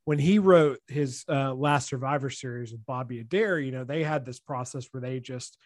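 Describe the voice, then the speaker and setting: A man's voice: medium pitch, moderate pace, no room sound. A man hosting a casual conversation about writing, chatty and rambling, full of "you know" and "like".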